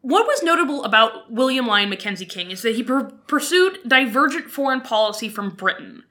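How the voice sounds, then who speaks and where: A woman's voice: on the high side, animated, brisk, pushed and bright. A young woman co-hosting a podcast, explaining political history in a casual, joking way. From Canada. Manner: laughs often, explains with jokes. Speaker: podcast co-host.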